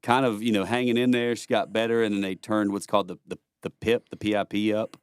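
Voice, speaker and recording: Low-voiced man telling stories. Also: flat delivery, fast, clean tone, dry recording. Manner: earnest, rambling storyteller with frequent restarts and blunt swearing. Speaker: podcast guest. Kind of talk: casual storytelling conversation.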